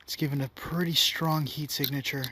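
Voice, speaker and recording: A man's voice: a little high, steady tone, normal speed, bright, forceful tone, breathy edge, no echo. A man exploring a forest at night with a camera, talking tensely and often in a whisper. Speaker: paranormal investigator.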